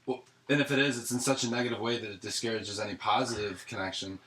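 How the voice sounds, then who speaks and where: A man's voice: on the low side, steady tone, quick pace, fairly bright tone, echoey room, poor audio. A man teasing his friends in casual podcast chat. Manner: teasing banter.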